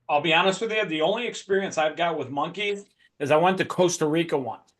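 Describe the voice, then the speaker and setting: A male podcast host with a slightly raised pitch, telling stories in a loose, animated way and swearing freely as he chats with his guest. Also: brisk. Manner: animated profane storytelling. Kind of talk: casual conversation.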